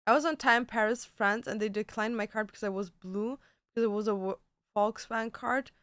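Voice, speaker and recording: A woman's voice: medium pitch, steady tone, fairly quick, fairly bright tone, smooth, dry recording. A young woman chatting casually on a livestream, peppering her talk with "like" and swearing. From Germany. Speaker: streamer. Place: home.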